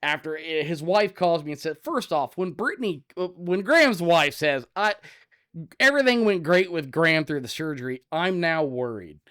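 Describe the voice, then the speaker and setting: Loud guy around 40 telling a story on a podcast, lively voice that jumps around, kinda high. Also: normal speed. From Ohio. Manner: loud, animated storyteller, acts out scenes. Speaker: podcast co-host. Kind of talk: casual chat, storytelling.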